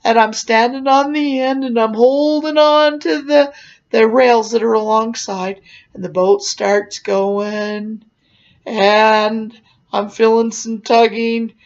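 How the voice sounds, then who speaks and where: Woman, middle-aged, storyteller; slow unhurried telling, muffled lo-fi sound. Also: a little high. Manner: animated, voices others in the tale. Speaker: clown storyteller. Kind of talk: personal storytelling. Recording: dull lo-fi recording.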